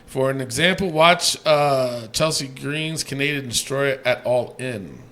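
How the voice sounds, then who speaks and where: Reading out listener ratings on a laid-back podcast, this co-host swears freely and veers from mumbles to shouts. He speaks at a measured pace in a mid-range voice.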